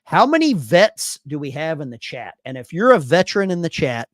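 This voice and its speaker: Man, live stream host, casual chat, excitable, higher pitch, dry mic. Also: moderate pace, dry recording. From Arkansas. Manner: animated, reads chat aloud with bursts of enthusiasm.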